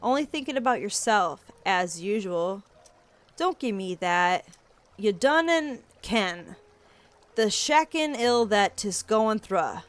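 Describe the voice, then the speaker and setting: Brief: a woman playing a cryptic teen jock, thick drawl, gruff and blunt, game read. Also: mid-range voice, lively intonation, measured pace, close to an everyday voice. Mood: curt. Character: blunt teenage boy athlete, gruff and cryptic.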